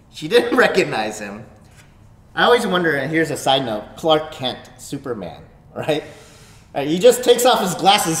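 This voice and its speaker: A man preaching a sermon as a pastor. He swings from loud emphasis down to soft near-whispers. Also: on the high side, a little hiss or hum. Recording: roomy echo.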